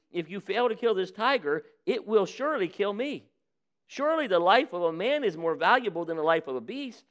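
A man preaching as a pastor, who reads a parable aloud with lively voices for its people and then preaches on it. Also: on the high side. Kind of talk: sermon with a read-aloud story. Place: church.

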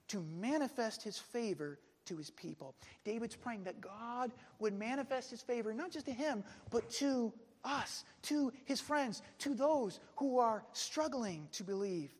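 A man preaching a sermon earnestly, dropping soft then pressing hard. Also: very high-pitched, breathy edge, big-room sound. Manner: earnest, swings between soft and emphatic.

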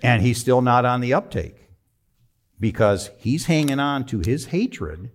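A man in his sixties telling a personal story in a sermon, conversational and emphatic, with sudden drops to a low, quiet voice. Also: very animated, measured pace. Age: 60s. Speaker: preacher.

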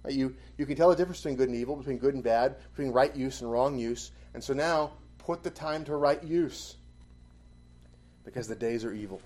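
A man preaching a sermon and closing in prayer, stressing key phrases with sudden loud emphasis. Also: mid-range voice, brisk.

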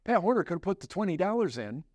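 A male pastor preaching a sermon, asking the congregation direct questions and swinging between hushed low passages and sudden raised ones. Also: sing-song, quick pace, no room sound, studio quality.

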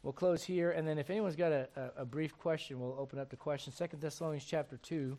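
High-voiced man preaching emphatically. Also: fairly even intonation, fast, warm tone. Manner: emphatic, asks the congregation questions; reads scripture aloud in old wording. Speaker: pastor. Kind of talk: sermon.

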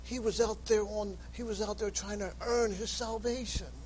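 A man's voice: steady tone, moderate pace, low-quality recording. A man preaching a sermon with passion, reading scripture aloud and calling out to sinners. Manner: impassioned, rising to high shouts; reads scripture aloud in King James wording.

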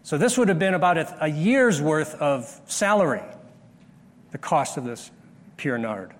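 A fairly high-voiced man preaches a sermon, walking his listeners through a Bible passage. He explains patiently and sometimes stops to restart a phrase. His voice carries a long reverb, as if he stands in a large hall. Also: animated, a little slow. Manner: explanatory, rises sharply when acting out the disciples' scolding. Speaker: pastor.

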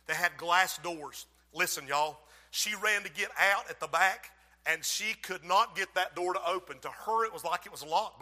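A man preaching a fiery revival sermon, shouting and then dropping to a hush, in a church. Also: a little high. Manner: shouting, dramatic storytelling with sudden hushed drops. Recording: echoey church hall.

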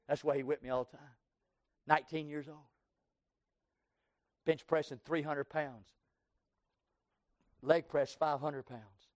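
A pastor from Texas with a Southern US accent, preaching an impassioned sermon that swings from loud cries to hushed tones. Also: male voice, on the high side, fairly even intonation, takes it slowly, pauses often, dry recording. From Texas, USA. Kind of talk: sermon with altar call.

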